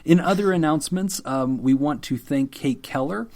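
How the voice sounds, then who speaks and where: A man co-hosting a casual podcast, joking with deadpan mock apologies and laughing often. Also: fairly high pitch, moderate pace. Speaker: podcast co-host. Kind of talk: casual chat.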